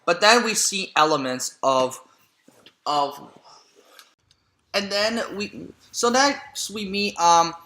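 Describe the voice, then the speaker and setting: A man's voice: high-pitched, expressive, takes it slowly, long pauses, pushed and bright. A man giving a casual movie recap, rambling and full of fillers and restarts. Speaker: movie reviewer. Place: room at home. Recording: roomy echo.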